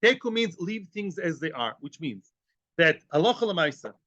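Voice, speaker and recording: A man's voice: fairly high pitch, very animated, normal speed, a bit bright, no echo, highs cut off. A man giving a Talmud class, joking as he goes, asking rhetorical questions and dropping in Hebrew and Aramaic terms. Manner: rhetorical questions, repeats phrases. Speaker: Talmud teacher.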